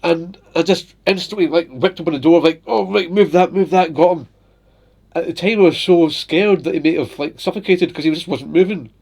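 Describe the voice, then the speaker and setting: A man's voice: fairly high pitch, a little fast, a little mellow. A young adult man casually telling funny stories about his pet and his workplace, laughing often and slipping into little voices. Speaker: vlogger. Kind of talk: casual storytelling.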